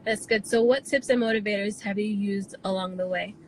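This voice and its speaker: A woman hosting an interview show, asking questions in a measured, supportive way with frequent ums. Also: medium pitch, steady tone, poor audio. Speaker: show host. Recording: faint background noise.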